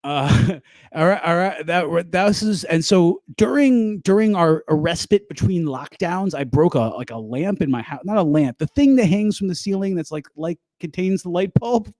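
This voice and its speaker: A man doing an online stand-up set from home on a headset, telling a rambling, self-deprecating story and breaking into loud put-on voices. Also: sits high, lively intonation, moderate pace, no echo, studio quality. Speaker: stand-up comedian. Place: home, performing over a video call.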